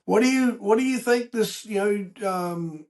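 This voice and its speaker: A middle-aged male podcast host with a gravelly, slightly high voice. He talks in a folksy, rambling way, doubling back on his words as he chats with a guest. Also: normal speed, darkish tone. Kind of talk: casual interview chat.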